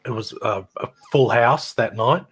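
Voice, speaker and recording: A man's voice: medium pitch, unhurried, fairly bright tone, breathy edge. A middle-aged Australian man telling rambling stories about his old band in casual chat, laughing and imitating people as he goes.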